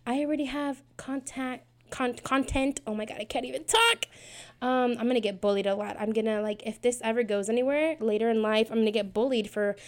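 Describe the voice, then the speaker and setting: Talking a little fast in a steady, somewhat high voice, this woman in her twenties hosts a casual prayer podcast. Her chat rambles, teases herself, and is full of fillers.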